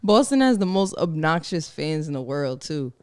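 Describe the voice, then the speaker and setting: A young woman guesting on a casual podcast chat, blunt and quick to laugh. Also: low-pitched, big pitch swings, a crowd in the background.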